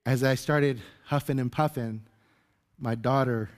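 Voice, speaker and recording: A man preaches to his congregation in a relaxed, storytelling manner, calling them beloved. His voice sits at an ordinary middle pitch, and he talks informally, like he is chatting. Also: a little slow. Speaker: pastor. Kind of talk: conversational sermon with a personal story.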